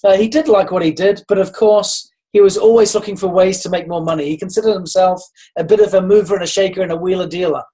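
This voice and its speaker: A man speaks on a leadership call, encouraging his team. He tells stories in a steady, conversational way and often stops to restart his sentences. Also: sits high, quick pace, few pauses. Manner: storytelling, encouraging, with frequent restarts. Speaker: network marketing leader. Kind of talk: motivational talk on a group call.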